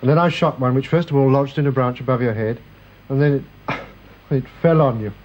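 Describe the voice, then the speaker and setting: An actor playing a gentle, jovial middle-aged father in a radio drama. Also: medium pitch, a little fast, dull audio, slight background noise, lightly acted. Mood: reassuring. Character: kindly upper-class father, calm and reassuring. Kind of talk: 1930s-set radio drama.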